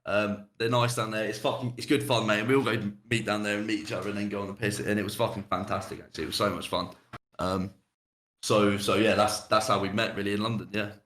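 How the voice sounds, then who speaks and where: A man's voice: lowish voice, flat delivery, fast talker, a bit bright. A young man hosting a podcast, talking bluntly and casually, swearing and laughing often. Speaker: podcast host. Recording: roomy echo.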